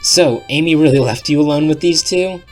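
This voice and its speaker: A man's voice: on the high side, normal speed, faint music behind, voice pushed up, natural voice. A man voicing a polite, curious young male fox in a read-aloud fan story.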